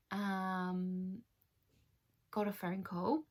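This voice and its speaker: A young woman tells a story to camera in a chatty, animated way. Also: mid-range voice, measured pace. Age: 20s. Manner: chatty, animated, acts out other people's lines. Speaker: vlogger.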